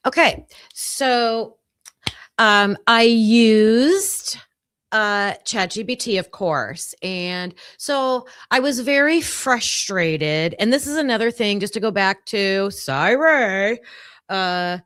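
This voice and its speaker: A woman hosts a casual true crime stream from her home computer, talking to herself as she fumbles with the setup. Her delivery is slow and unhurried, and her voice rises and falls a lot. The sound is dry and close, with no room around it. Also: medium pitch, expressive, a bit bright, clear, resonant tone, no room sound. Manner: flustered, chatty, self-talking while fixing tech. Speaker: true crime show host. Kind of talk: casual livestream chat.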